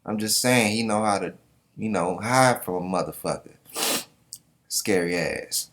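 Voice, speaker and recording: A man with a fairly low voice talks through a comic chapter in loose, casual commentary. He jokes and curses freely, reading the panels out and reacting as he goes. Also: measured pace, a bit bright. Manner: profane, joking, reads panels aloud in put-on voices. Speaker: manga reaction host.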